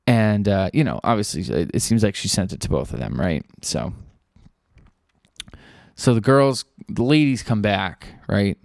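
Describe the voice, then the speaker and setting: A man's voice: lowish voice, unhurried, gravelly, no echo. Laid-back young man rambling, dry close mic. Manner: loose, rambling, lots of fillers and profanity; acts out quoted people in a flat offhand voice. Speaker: podcast host. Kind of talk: casual storytelling chat.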